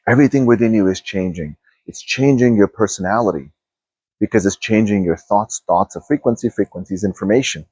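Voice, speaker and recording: A low, husky male voice drifts through a guided meditation talk, slow and hushed, circling back over his own phrases. The sound is close and dry, with no room around it. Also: no room sound. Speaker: spiritual teacher.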